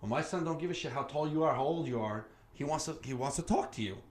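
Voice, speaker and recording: A man hosting a podcast, telling stories in a casual, animated chat, cursing freely and acting out what others said. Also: on the high side, fast talker. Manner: animated storyteller, swears freely, acts out quoted voices. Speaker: podcast host. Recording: roomy sound with faint background noise.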